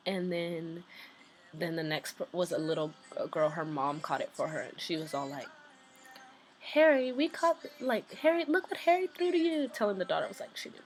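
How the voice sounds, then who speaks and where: A woman vlogger casually telling a story, chatty and excited, with lots of "like" and "um" fillers. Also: fairly low pitch, rough recording.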